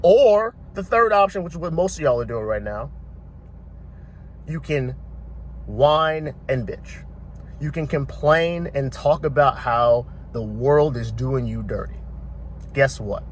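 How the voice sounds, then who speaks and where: A man in his thirties giving a blunt, profane motivational rant, talking forcefully and preachily. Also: fairly high pitch, slight background noise. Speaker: commentator.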